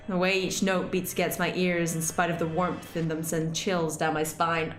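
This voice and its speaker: Animated woman gamer in an echoey room. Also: moderate pace, faint music behind. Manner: animated and exasperated, swearing, jumping up in pitch when upset. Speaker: gaming channel host. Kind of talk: let's-play commentary, reading game text aloud.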